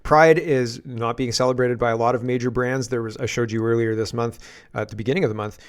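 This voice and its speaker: A man's voice: medium pitch, steady tone, fairly quick, clean tone. A man in a mid-range voice hosts a political commentary stream and reacts to clips as they play. He is sarcastic and loose, often restarting his sentences as he goes. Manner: sarcastic asides, lots of restarts.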